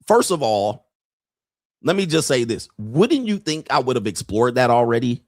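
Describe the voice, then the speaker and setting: A man's voice: medium pitch, big pitch swings, moderate pace, no room sound. Brash ranting man, very dry sound. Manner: brash, ranting, laughs often, mimics people. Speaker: podcast host. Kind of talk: profane livestream monologue.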